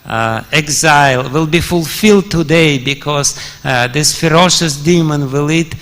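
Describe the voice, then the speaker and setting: A man's voice: a little high, unhurried, fairly bright tone. A man preaching a scripture story in a temple hall, chuckling often and using many fillers. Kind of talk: storytelling sermon.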